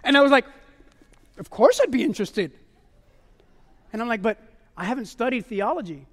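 A man with a very high voice preaches a testimony sermon, animated and pleading by turns. He keeps calling the congregation "my loved ones" and asks for their "amen." His voice rings with the long reverb of a church hall. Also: moderate pace.

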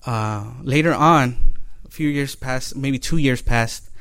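An earnest man shares a personal testimony in a halting way, circling back and repeating phrases as he goes. His voice sits at an ordinary middle pitch. It is recorded dry, with no room echo. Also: fairly bright tone, clean tone. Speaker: speaker giving a personal testimony.

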